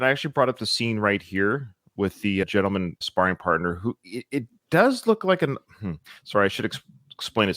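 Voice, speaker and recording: A man's voice: fairly low pitch, a bit bright, dry recording, studio quality. A man hosting a podcast in casual chat, chatty and jokey, often correcting himself. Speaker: podcast host.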